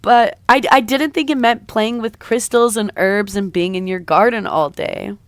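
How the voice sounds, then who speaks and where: A woman's voice: medium pitch, moderate pace, no echo, lightly acted. A woman voicing a skeptical, sulky goth girlfriend in a comic she reads aloud, grumbling and teasing. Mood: disappointed.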